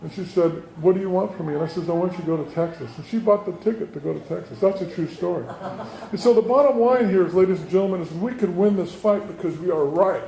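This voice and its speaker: A politician giving a campaign stump speech to residents, telling stories and acting out the quoted dialogue. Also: male voice, high-pitched, fast talker, creaky, few pauses, warm tone. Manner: storytelling, acts out quoted dialogue. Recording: roomy hall, faint background noise.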